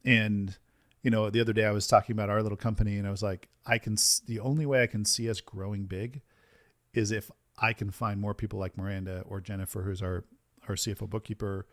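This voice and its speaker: A man hosting a business podcast, talking in an energetic, emphatic way and often tagging his points with "right?". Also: lowish voice, fast talker, no echo, clean studio sound. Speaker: podcast host and business coach. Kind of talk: casual podcast conversation.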